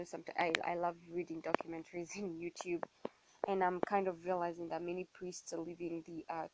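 A woman speaks in a lowish voice, earnest and a little sorrowful as she talks on her own podcast. She pauses often, restarts her sentences and leans on fillers. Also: slight background noise, poor audio. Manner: halting, many fillers and restarts. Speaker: podcast host. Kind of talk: casual spiritual monologue.

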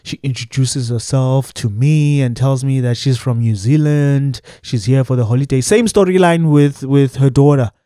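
A young man with a South African accent telling a personal story in a lively, laughing, chatty way. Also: mid-range voice, normal speed, few pauses, no room sound, studio quality. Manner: animated, mixing English with local phrases, laughs through the telling. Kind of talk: casual storytime monologue.

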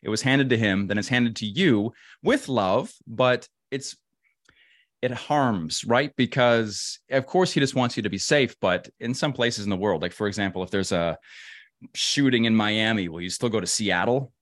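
A man's voice: lowish voice, normal speed, fairly bright tone, no echo, studio quality. A man being interviewed about travel and facing fear, speaking emphatically and often repeating words as he works through a thought. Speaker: travel adventurer and guest. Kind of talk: casual interview talk.

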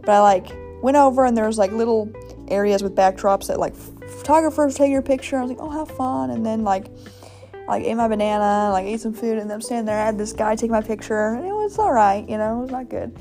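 A young woman talks very quickly in a slightly high voice, rambling through her story with plenty of fillers and acting out her own quotes. It is a casual solo podcast with faint music underneath. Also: mellow. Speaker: podcast host.

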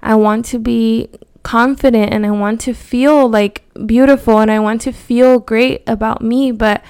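Candid woman talking, smooth voice. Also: on the high side, fairly even intonation, a little slow, darkish tone. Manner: candid, heartfelt, many fillers like "like". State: voice cracking with emotion. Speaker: podcast host. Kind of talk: personal monologue.

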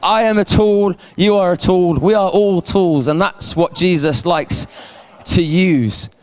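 A man preaching a sermon as a pastor, animated, repeating words and calling on the congregation to respond. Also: sits high, unhurried. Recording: long hall reverb.

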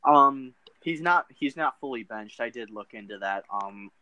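A man in casual gaming chat, measured and hesitant with frequent ums. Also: medium pitch, expressive, pushed and bright, no echo, lo-fi sound.

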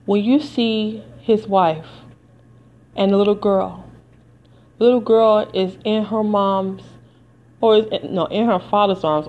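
Struggling against tears, an American woman speaks slowly on her podcast, with long pauses, offering earnest, preacherly personal commentary. Her medium-pitched voice is a little mellow, and the recording has its highs cut off plus a little hiss or hum.

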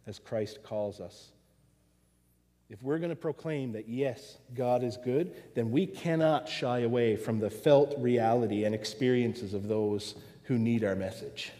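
A man's voice: mid-range voice, a little slow, dark tone. A man preaching a sermon, earnest and full of rhetorical questions, in a church. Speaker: pastor. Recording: long hall reverb.

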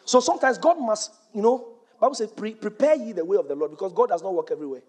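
Male preacher, high voice, husky tone, emphatic church sermon, bursts into shouts, quotes scripture. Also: fast talker. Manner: emphatic, rising to shouts on key points; quotes scripture in old-fashioned wording.

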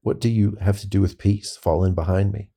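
A man voicing a ruthless male commander, curt and commanding, in a scripture reading. The voice is deep and dark, with a husky edge. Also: steady tone, brisk.

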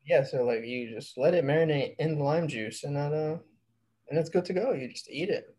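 Laid-back husky-voiced podcast guy. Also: fairly high pitch, brisk, darkish tone. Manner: rambling, laid-back, slangy. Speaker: podcast co-host. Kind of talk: casual chat.

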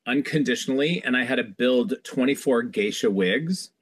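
Guy talking hair work in an interview, mid voice, lively stories, acts out quotes. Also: medium pitch, normal speed, husky. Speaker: celebrity hairstylist guest. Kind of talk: casual interview chat.

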